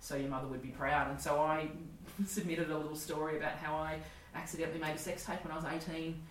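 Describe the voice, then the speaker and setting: Australian comedian, woman, forties; low voice, quick talker, roomy distant sound. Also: flat delivery, a little hiss or hum. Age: 40s. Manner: candid, swearing, laughing storyteller. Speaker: comedian guest. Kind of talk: casual storytelling chat.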